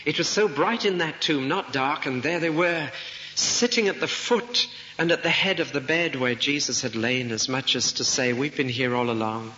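Bright-voiced preacher man in an echoing hall. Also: a little high, moderate pace. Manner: vivid storytelling, rhetorical questions. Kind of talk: sermon. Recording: dull recording in a reverberant hall, faint noise.

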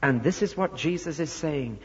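Man, sermon, slightly husky voice, long hall reverb. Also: fairly high pitch, lively intonation, moderate pace. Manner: expository preaching, voicing quoted speakers. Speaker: preacher. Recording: dull recording in a large reverberant hall.

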